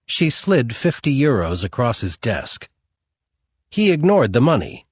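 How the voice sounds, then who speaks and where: Slow, husky male audiobook narrator. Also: mid-range voice, sing-song, dry recording, muffled recording. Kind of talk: scripted narration.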